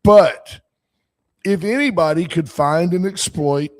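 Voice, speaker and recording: A man's voice: a little high, slow pace. A man in his sixties hosting a call-in talk show, rambling and opinionated, reading out listener comments as he goes. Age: 60s. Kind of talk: casual political call-in talk.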